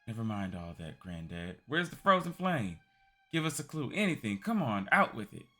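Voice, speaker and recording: A man voicing a brash, impatient young woman thief in a game he reads aloud, pitching up and pushing hard. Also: brisk, soft background music, lightly acted. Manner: loud, pushy, bright.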